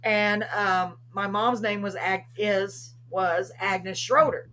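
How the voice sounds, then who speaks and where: Female host, casual storyteller who acts out her own lines, mid-pitched voice, faint noise behind. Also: steady tone, slow, fairly bright tone. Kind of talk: casual chat, telling ghost stories.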